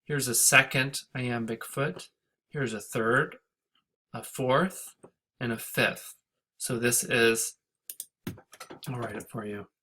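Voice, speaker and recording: A man's voice: mid-range voice, steady tone, takes it slowly, pauses often, pushed and bright. A man teaching a class, talking through a screen-recorded lecture and thinking aloud as he goes, with fillers and self-corrections.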